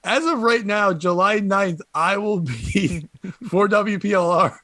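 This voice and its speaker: A man hosting a comedy podcast, telling stories in an animated way and laughing often. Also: high-pitched, takes it slowly, no echo. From Connecticut. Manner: animated storytelling with frequent laughter. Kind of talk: casual comedy podcast chat.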